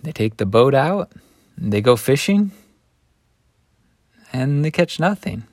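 A man's voice: medium pitch, big pitch swings, unhurried, darkish tone, no room sound, clean studio sound. A man teaching a Bible lesson, retelling the story in a conversational way with folksy asides. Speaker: scripture teacher.

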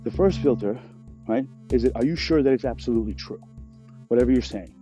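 A man rambles through crude, jokey stories in a very dark, relaxed voice. The recording is dull and lo-fi, with faint music underneath. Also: mid-range voice, a little fast. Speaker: podcast host. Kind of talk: casual storytelling monologue.

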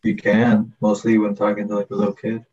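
A man's voice: on the low side, completely flat delivery, fairly quick, a little mellow, slightly rough. A man in a casual chat, speaking dryly and matter-of-factly. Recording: dull lo-fi sound.

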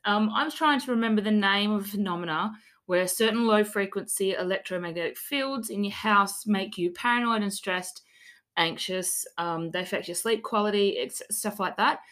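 A woman's voice: medium pitch, moderate pace, a bit bright. A young Australian woman co-hosting a casual podcast, cheeky and swearing freely, with a slight lisp from fresh dental fillings. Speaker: podcast co-host.

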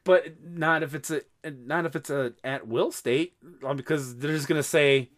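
A man hosting a podcast, telling a story in casual chat, animated and swearing freely. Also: on the high side, moderate pace, few pauses. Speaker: podcast host.

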